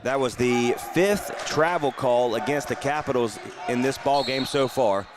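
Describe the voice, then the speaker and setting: A man calling live basketball play-by-play from a community center gym, rattling off the action and getting excited on big plays. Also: mid-range voice, unhurried, noisy background. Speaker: play-by-play announcer.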